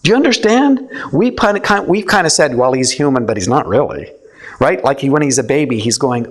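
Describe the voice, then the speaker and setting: A man's voice: a little high, very animated, moderate pace. A man speaking to a live audience in a casual, conversational way, often checking in with listeners and acting out quoted lines. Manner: conversational, asks the audience questions, acts out quotes. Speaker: speaker teaching a theology session. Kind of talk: informal talk to a live audience.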